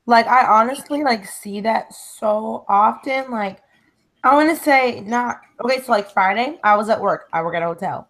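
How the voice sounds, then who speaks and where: A woman's voice: on the high side, expressive, normal speed, a bit bright. A young woman chatting casually on a discussion show, dropping "like" into almost every sentence. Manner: conversational, heavy use of "like". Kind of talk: casual chat.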